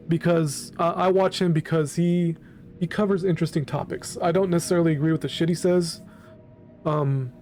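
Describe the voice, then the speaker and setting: Rambling blunt guy ranting on his channel, kinda high for a dude, mellow, lots of ums and swearing, faint music behind. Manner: rambling, blunt and profane, hedging with ums and "right?". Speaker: commentary channel host. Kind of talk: casual reaction commentary.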